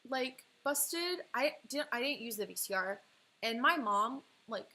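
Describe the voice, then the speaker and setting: Bright-voiced young woman telling a personal story. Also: on the high side, lively intonation, a little slow. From California. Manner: chatty, heavy use of "like", emotional, breaks into laughs. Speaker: livestream artist and host.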